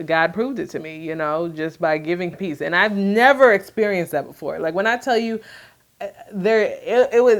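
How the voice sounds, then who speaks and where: A woman talking candidly to camera in a soft, reflective way, with many fillers. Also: fairly low pitch. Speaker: vlogger sharing her grief. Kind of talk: candid personal talk to camera.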